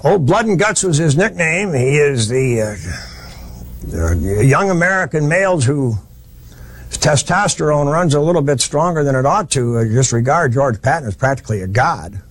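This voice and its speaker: A man's voice: a little high, lively intonation, normal speed, slightly rough. A man giving a history lecture, telling it as a plain-spoken, folksy story with frequent restarts.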